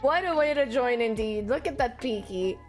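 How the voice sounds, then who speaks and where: A woman streamer, chatting casually with viewers and greeting them with excited squeals. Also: normal speed, faint music behind. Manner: bubbly, greets chat with high excited squeals. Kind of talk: casual live-stream chat.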